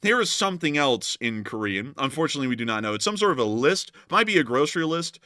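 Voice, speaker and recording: A man giving casual news commentary as host, animated with joking asides. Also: mid-range voice, fast talker, hardly any pauses, no echo, clean studio sound.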